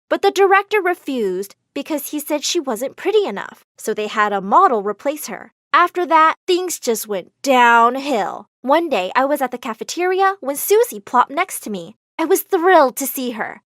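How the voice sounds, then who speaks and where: A woman narrating an animated story in first person, expressive and dramatic. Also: high-pitched, normal speed, few pauses, no echo, clean studio sound.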